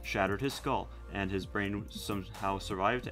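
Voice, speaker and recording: A man's voice: on the low side, steady tone, moderate pace, fairly bright tone, faint music behind. A man hosting a casual podcast, telling a rambling story with many fillers and restarts. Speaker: podcast host.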